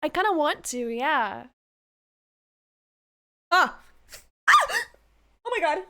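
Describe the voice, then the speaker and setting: Brief: young female streamer, high and bouncy voice, giggly, squeals, swears casually. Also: animated, fairly quick, fairly bright tone. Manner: giggly, bursts into laughter and squeals, swears freely. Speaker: VTuber streamer. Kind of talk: casual livestream chat with viewers.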